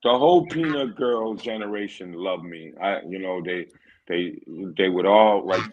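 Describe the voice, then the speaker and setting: A man telling stories on a podcast as a guest in casual chat, lively and often asking "you know what I mean". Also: low-pitched, measured pace, lo-fi sound, a little hiss or hum. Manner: animated, often acts out quoted voices.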